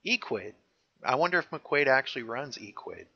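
Man, bright forceful voice, casual joking recap, dull lo-fi recording. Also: medium pitch, sing-song, moderate pace, creaky, husky. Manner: chatty, joking, narrates scenes. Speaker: podcast co-host. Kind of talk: casual chat recapping a show.

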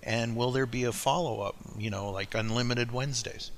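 A man's voice: medium pitch, fairly even intonation, normal speed. A male radio host interviewing a guest, stammering over repeated words, then introducing a song.

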